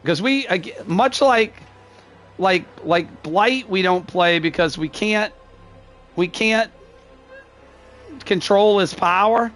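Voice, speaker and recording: An older male streamer with a surprisingly high voice for his gruff, curmudgeonly delivery. He breaks down a match live for his chat, stopping and restarting sentences and letting out easy chuckles between thoughts. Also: fairly bright tone, faint music behind. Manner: gruff, curmudgeonly-sounding, says he is not angry; halting, restarts phrases, chuckles often. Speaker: game streamer. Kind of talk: live gameplay commentary talking to chat.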